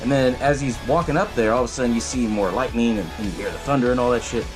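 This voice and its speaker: A man's voice: mid-range voice, fast talker, over music, low-quality recording. A man hosting a podcast, recapping a movie in a loose, profane way and laughing often. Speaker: podcast host.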